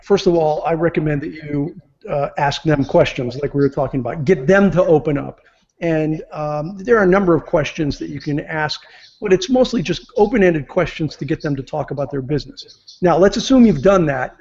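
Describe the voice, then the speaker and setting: A man's voice: on the high side, fast, vocal fry, a little mellow. A man giving business advice as an interview guest, explaining step by step and acting out example phrases. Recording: muffled lo-fi audio.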